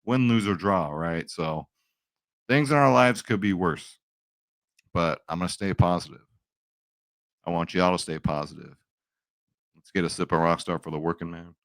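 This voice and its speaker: Man, young adult, chatty and upbeat betting picks host, low voice, dry close sound. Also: moderate pace, long pauses, a bit bright, dry recording. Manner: chatty, upbeat, says "right?" and "guys" a lot. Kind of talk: casual picks video talk.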